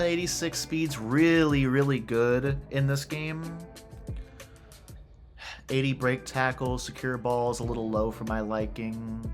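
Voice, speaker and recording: A man casually commentating his own football video game session, reacting loudly to plays and talking to the players on screen. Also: medium pitch. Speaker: gamer playing a football video game franchise. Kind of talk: casual let's-play commentary. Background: game music.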